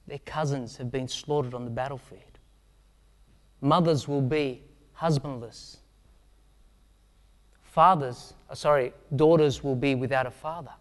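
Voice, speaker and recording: A man preaching a sermon, acting out Bible scenes with shouts and asking the congregation questions. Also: mid-range voice, long reverb tail. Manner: asks the congregation direct questions.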